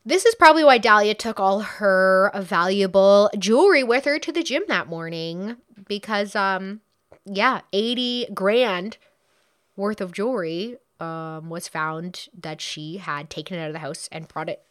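A woman's voice: mid-range voice, unhurried, dry recording, studio quality. A woman casually retelling a true crime case, chatty and blunt, swearing freely and acting out what people said.

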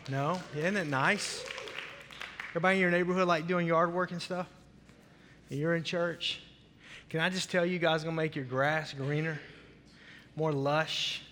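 A middle-aged man with a Southern US accent gives a church welcome as senior pastor, chatty and joking, rambling with restarts. His voice is bright and sits a little high. He speaks into a stage mic, and the large hall around him rings with a long reverb.

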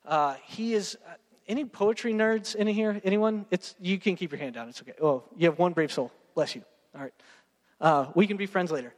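A man's voice: high-pitched, fairly quick, in a large hall. A young man, preaching a sermon in a casual, joking way and talking straight to his congregation. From Texas. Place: church sanctuary.

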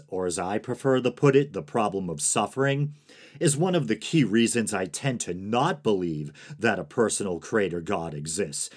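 A man hosting a solo podcast, talking in a monotone, sedated way with dry, sarcastic asides and soft laughs. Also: on the low side. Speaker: podcast host.

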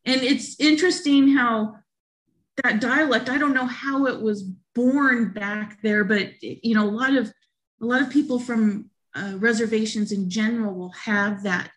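A woman's voice: on the high side, unhurried. A woman, a podcast guest, explaining things animatedly in a casual conversation. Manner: animated, imitates voices while explaining.

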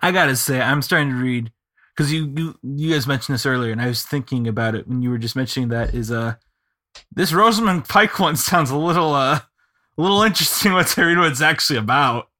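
A man's voice: medium pitch, expressive, a little fast, bright, forceful tone. A man co-hosting a film podcast, chatting casually, laughing often and trailing off mid-thought. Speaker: podcast co-host. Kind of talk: casual chat.

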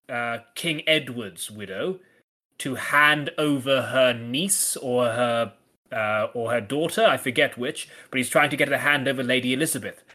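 A man co-hosting a podcast, talking things through in a thoughtful, analytical way and often pausing to restart his sentences. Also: medium pitch, sharp tone. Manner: thoughtful, hesitant, with frequent restarts. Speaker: podcast co-host. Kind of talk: casual analytical discussion.

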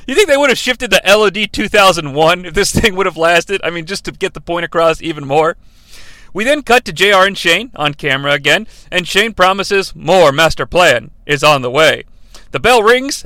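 A man's voice: high voice, lively intonation, normal speed, bright, forceful tone, no room sound. A man hosting a podcast, recapping wrestling in a sarcastic, jokey way with many asides. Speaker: podcast host. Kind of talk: comedic recap narration.

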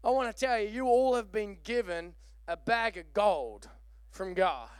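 A man preaching a lively sermon, joking and calling for amens. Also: high-pitched, unhurried, smooth, dry recording, clean studio sound. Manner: animated, joking, calls for amen. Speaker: pastor.

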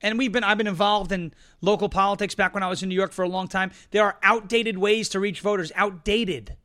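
Brief: male political talk host, middle-aged, fast and punchy, bright tone. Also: sits high. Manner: quick, emphatic, repeats points, joking. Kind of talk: casual political commentary and ad reads.

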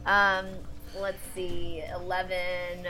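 A woman playing a tabletop game, playful and animated, laughing with the group. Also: on the low side, drawn-out words, over music, poor audio. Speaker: player. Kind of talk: casual tabletop play.

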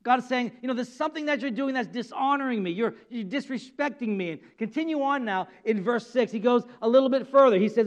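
A man's voice: very high voice, fast talker, hardly any pauses. A male pastor giving a conversational sermon, asking rhetorical questions and acting out quoted speech. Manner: conversational preaching with repeated words and rhetorical questions; acts out God and the people in quoted speech.

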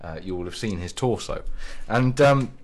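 Hesitant low-voiced male radio host. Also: animated, moderate pace. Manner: rambling, hesitant with many ums and restarts. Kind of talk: casual radio chat.

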